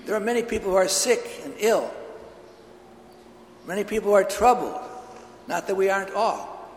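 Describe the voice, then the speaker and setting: This is an animated priest with a high voice, preaching a heartfelt, story-driven homily at a moderate pace. It was recorded in a cavernous church hall with long reverb and a slight hiss or hum.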